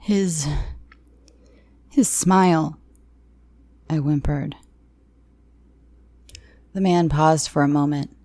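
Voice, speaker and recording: A woman narrating a first-person horror story in a slow, hushed, tense reading. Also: very deep voice, no room sound.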